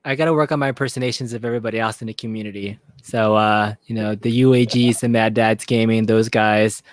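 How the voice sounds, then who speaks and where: A man's voice: lowish voice, fairly even intonation, quick pace. A man co-hosting a livestream in casual chat, joking around and breaking into impressions. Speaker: co-host.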